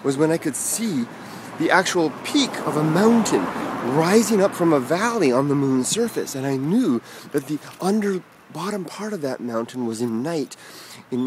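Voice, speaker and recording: Guy rambling thru a story outside, lots of uh and restarts, light street noise behind. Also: fairly high pitch. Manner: rambling, halting with many fillers and restarts. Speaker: vlogger. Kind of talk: casual storytelling vlog. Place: outdoors on an early-morning walk.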